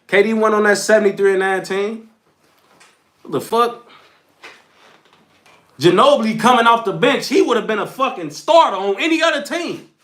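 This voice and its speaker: A man's voice: high voice, lively intonation, moderate pace, pauses often, fairly bright tone. A young man hosting a livestream, speaking as he scolds his chat in a heated, repetitive, slangy rant. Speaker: livestream host.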